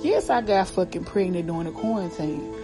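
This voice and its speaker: A woman hosting a comedy podcast, telling a family story in a profane, slangy, animated way while out of breath. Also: lowish voice, a little fast, over music. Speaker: podcast host. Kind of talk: comic storytelling.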